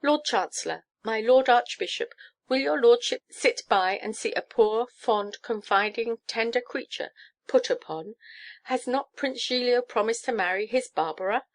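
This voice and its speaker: A woman's voice: mid-range voice, moderate pace, lightly acted. A woman reading a storybook, voicing a pushy, clinging old countess who shrieks and gushes. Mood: pleading. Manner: shrieking, gushing and pleading.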